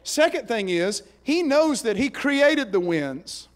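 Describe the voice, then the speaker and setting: A man preaches a sermon in a high voice. He moves between hushed, slow passages and loud, emphatic bursts. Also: big pitch swings. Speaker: pastor.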